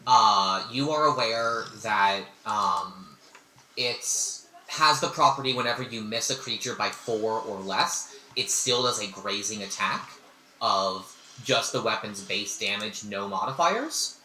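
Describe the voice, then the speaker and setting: A man's voice: lowish voice, expressive, slow, bright, forceful tone, reverberant, a little hiss or hum, low-quality recording. A man narrating and ruling as game master, chatty and hesitant with fillers. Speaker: dungeon master. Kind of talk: running a tabletop game online.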